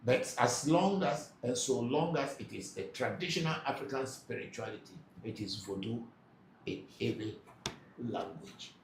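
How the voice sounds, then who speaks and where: Man, live Q&A host, gravelly voice, hesitant and explanatory, echoey room, faint noise behind. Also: medium pitch, moderate pace. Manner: hesitant, many filler sounds, explanatory. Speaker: spiritual teacher hosting a live Q&A. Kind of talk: live Q&A, reading out comments.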